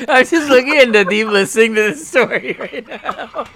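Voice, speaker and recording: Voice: mid-range voice, moderate pace, creaky, a bit bright. A speaker in casual chat who laughs a lot and teases the others. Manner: laughing, teasing reactions.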